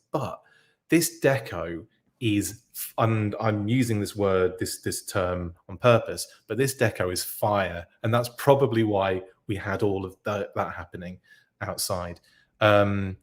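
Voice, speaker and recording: A man hosting a live podcast stream, chatting casually and reading out viewer comments in a rambling, self-interrupting way. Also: lowish voice. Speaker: podcast host reacting live.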